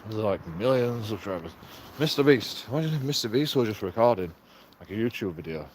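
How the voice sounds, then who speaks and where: A man's voice: on the low side, lively intonation, a little fast, a little mellow, slight background noise. A man, rambling and swearing in a casual vlog monologue with frequent chuckles. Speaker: vlogger.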